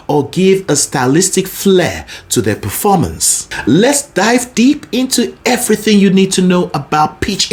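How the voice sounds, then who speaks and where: A man explains singing technique as a vocal coach, taking his time over each point. His voice rises and falls widely, and he often demonstrates as he goes. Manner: expressive, demonstrative, lively pitch. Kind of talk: singing lesson.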